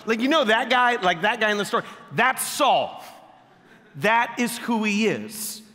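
Pastor guy preaching, jokey and animated, high bright voice, lots of hall echo. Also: a little slow. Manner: animated, joking and conversational. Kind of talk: sermon. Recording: long echoey hall reverb.

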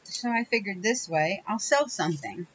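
A woman talks through her crafting project at a home table, rambling and correcting herself with small laughs. Her voice sits at a middle pitch. The recording is a little muffled, with a faint hum behind her. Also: lively intonation, moderate pace, fairly bright tone. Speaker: crafting channel host. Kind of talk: casual crafting tutorial chat.

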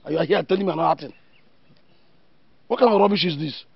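A man's voice: a little high, fast, gravelly, dry recording, highs cut off. An actor with a Nigerian accent playing an argumentative village father who stands up for his son. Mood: arguing. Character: defensive village father, gravelly and stern.

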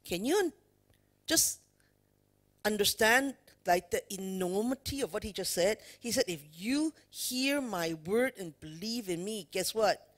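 A woman's voice: medium pitch, expressive, a little slow. A woman preacher giving an emphatic sermon, asking the congregation questions. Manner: emphatic, addresses the congregation with questions and "you know" fillers. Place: church worship service.

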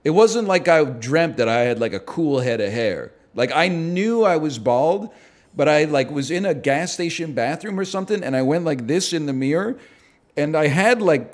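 A man's voice: on the high side, a little mellow. A man in his thirties from Canada, chatting casually on a stream in a rambling, sardonic way and swearing freely.

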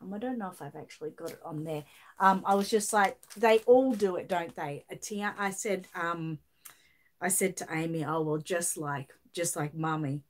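A woman's voice: lowish voice, fairly even intonation, normal speed. A middle-aged Australian woman, slightly throaty from a chest infection, chatting casually on a livestream and reading out viewer comments. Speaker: livestream host.

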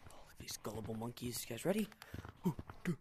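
A man's voice: mid-range voice, lively intonation, brisk, noisy background. A man giving casual, playful gameplay commentary as a video creator, giggling, teasing other players and sometimes dropping into whispers.

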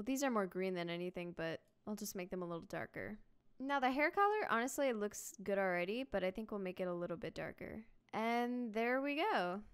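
A young woman narrates her let's-play as host, bubbly and easily excited, giggling as she goes. Her voice sits at a middling pitch for a woman. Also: clear, resonant tone. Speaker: gaming video host.

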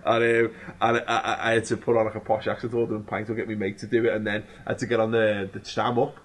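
A man with a Liverpool accent recounts stories in a loose, rambling way, swearing freely. His voice sits fairly low and has a husky edge. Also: flat delivery, fast talker, poor audio. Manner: rambling anecdotes, swearing, laughs often. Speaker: guest. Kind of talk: casual chat.

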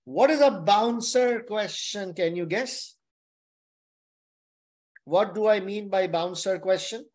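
A man's voice: sits high, slow pace. A man tutoring exam candidates in an online webinar lecture. He repeats his key points and keeps checking in with "okay?". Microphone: webinar microphone.

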